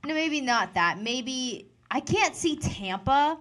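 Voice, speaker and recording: A woman co-hosting a casual talk show, candid and wry, quick to tease her co-host. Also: high-pitched, expressive, fairly bright tone. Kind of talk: casual banter.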